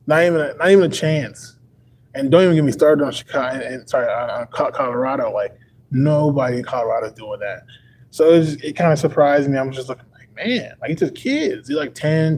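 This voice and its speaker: A man's voice: mid-range voice, darkish tone, slight background noise, low-quality recording. A young man from Texas on a livestream, talking casually and rambling, packing his sentences with "like" and chuckling often. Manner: rambling, full of "like" fillers.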